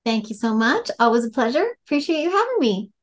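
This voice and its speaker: A woman's voice: a little high, big pitch swings, quick pace. A woman author as a podcast guest, talking in a casual, upbeat way and laughing often. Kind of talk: casual interview chat.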